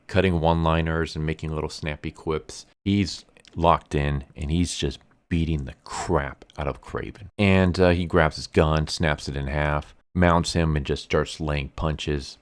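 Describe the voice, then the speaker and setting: A man with a low, deep voice talks through a comic book review in a loose, casual way. He gets animated, acting out quoted lines in shifting tones. The sound is dry and close, with no room around it. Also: a little slow, no echo.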